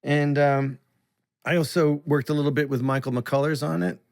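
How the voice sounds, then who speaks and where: A man from Canada, a guest on a podcast, chatting casually and telling animated stories that slip into comic voices. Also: a little high, moderate pace. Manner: animated storyteller, often slips into comic voices. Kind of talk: casual chat.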